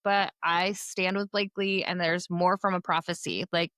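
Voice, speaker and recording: A woman's voice: lowish voice, steady tone, normal speed, fairly bright tone, no echo. Young woman, podcast co-host, opinionated casual chatter, very dry close sound. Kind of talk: casual book discussion.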